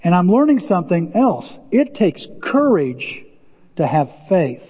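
A man preaching a sermon as pastor, animated, acting out quotes and often repeating words. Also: high-pitched, a little slow, slightly rough, long reverb tail, muffled recording.

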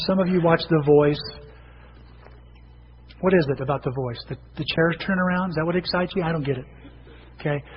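A middle-aged man preaching in a high, easy storytelling voice, slipping into the voices of people he quotes. He sounds like he is in a large church, with a long reverb tail. The recording is dull and muffled, with a faint hiss underneath. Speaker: pastor. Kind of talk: sermon. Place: church sanctuary.

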